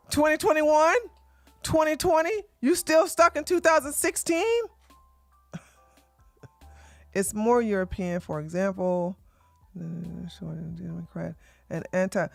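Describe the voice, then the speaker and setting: A man's voice: extremely high pitch, gravelly, a bit bright, no room sound. Profane, combative livestream man. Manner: repeats lines for emphasis, laughs scornfully. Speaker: livestream host. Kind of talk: livestream commentary rant.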